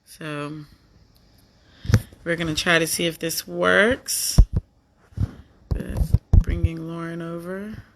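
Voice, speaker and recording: A woman hosting a casual live stream who talks warmly, laughs often and uses many fillers. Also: fairly low pitch, fairly even intonation, slow pace, pauses often, heavy background noise. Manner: warm, laughing, chatty with fillers. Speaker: host of an online live show. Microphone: phone on a live video stream.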